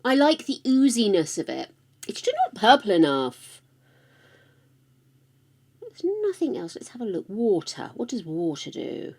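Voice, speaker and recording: A woman's voice: medium pitch, sing-song, measured pace, creaky, long pauses, darkish tone. An older woman chatting casually on a live stream, affectionate and talkative, calling her viewers darlings. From United Kingdom.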